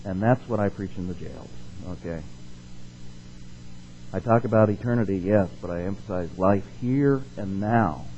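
A man teaching a Bible passage in a relaxed, conversational way. He asks the listeners questions, checks in with them often, and slows down and speaks louder when he reads the verses. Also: on the low side, muffled recording, slight background noise. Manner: slows down and rises in force to stress the scripture he reads. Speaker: preacher.

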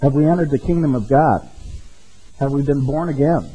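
A man's voice: medium pitch, moderate pace, warm tone, husky, faint music behind, poor audio. A man preaching a sermon in a conversational way, often checking in with his listeners with "okay?" and "right?". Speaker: pastor.

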